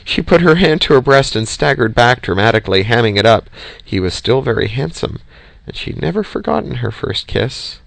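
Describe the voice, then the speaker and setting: A man reading an audiobook in a steady, measured way, close to the mic. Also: medium pitch, vocal fry, no room sound. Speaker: audiobook reader. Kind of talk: audiobook narration.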